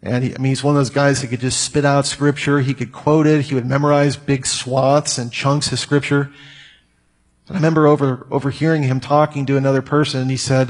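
A man's voice: mid-range voice, little pitch movement, a little fast. A man preaching a conversational sermon, with asides to his audience. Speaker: pastor.

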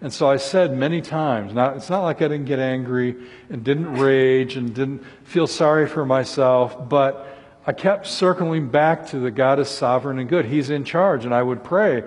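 Husky-voiced preacher in a reverberant hall. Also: male voice, medium pitch, normal speed, darkish tone. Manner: earnest, voices scripture laments with rising intensity. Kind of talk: sermon.

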